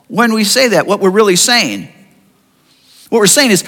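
A man preaching a sermon in an expressive way, asking his listeners rhetorical questions. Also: sits high, normal speed, long pauses, in a large hall. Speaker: pastor.

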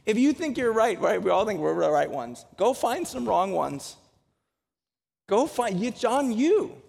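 Gravelly preacher in a reverberant hall. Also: male voice, sits high, very animated, measured pace, darkish tone. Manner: joking, conversational preaching that builds to emphatic exhortation. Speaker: pastor. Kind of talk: sermon.

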